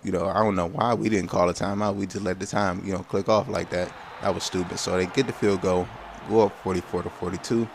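Man with a slightly low voice, casual let's-play commentator calling his game play by play, slangy and easily exasperated. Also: fairly even intonation, fairly quick, background noise. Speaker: gameplay commentator.

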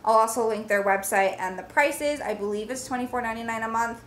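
A young woman on her vlog, casual and gushing, gasping with excitement as she unboxes. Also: fairly high pitch, a little fast. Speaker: book vlogger. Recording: echoey room with faint hiss.

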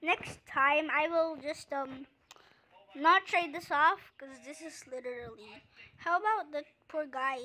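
A young woman chatting to viewers while playing a pet-collecting game, breaking into excited yells. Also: high-pitched, a little slow. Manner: chatty, bursts into excited screaming; addresses viewers as guys. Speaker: gaming video creator. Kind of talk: casual gameplay commentary.

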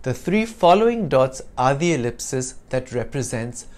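A man teaching an English lesson, explaining clearly and deliberately with wry asides. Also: mid-range voice, big pitch swings, a little mellow.

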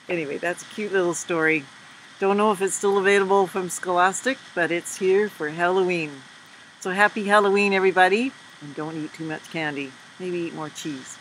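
A woman's voice: fairly low pitch, moderate pace, slight background noise, rough recording. A woman reading a children's chapter book aloud, adding chatty, playful asides and questions to young listeners. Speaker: storybook reader.

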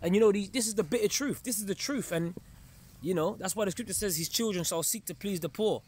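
A man preaching an informal sermon in an emphatic, conversational way, often pausing to check in with his listeners. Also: high voice, breathy edge. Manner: emphatic, keeps checking in with listeners, chuckles darkly.

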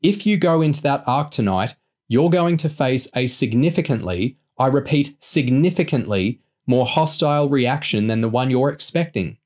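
A man's voice: medium pitch, lively intonation, normal speed, pitched above the performer's own voice, lightly acted. Chloe, a frazzled woman officer voiced by a man. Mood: urgent, firm. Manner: shouting, urgent, exasperated. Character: exasperated woman intelligence officer, insistent, sharp-tongued.

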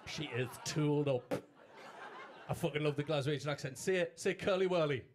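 A man doing stand-up crowd work on a club stage, loud, sweary and playful with the audience. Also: fairly high pitch, fairly quick, a little hiss or hum. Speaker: stand-up comedian.

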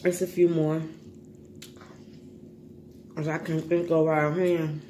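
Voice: medium pitch, level tone, slow pace, warm tone, slight background noise. A vlogger talking casually to viewers while eating, loose and slangy, often repeating words.

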